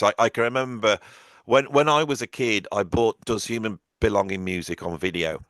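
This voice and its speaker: A man in a casual music conversation, telling anecdotes in a lively way and acting out what others said. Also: lowish voice, brisk, no room sound. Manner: animated storyteller, acts out quotes.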